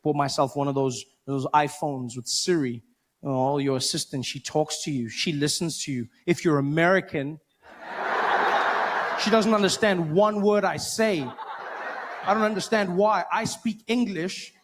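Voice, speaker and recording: Animated stand-up comedian, higher voice. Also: male voice, normal speed. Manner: animated storytelling with mimicry. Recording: live show clip with faint noise.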